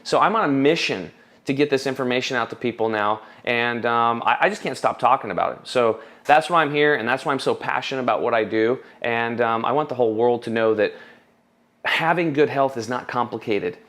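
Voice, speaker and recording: A man in his thirties telling his story in an interview, passionate and quick to act out what people said. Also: medium pitch, a bit bright. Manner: passionate, restarts often, quotes people in raised voice. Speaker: supplement formulator, guest.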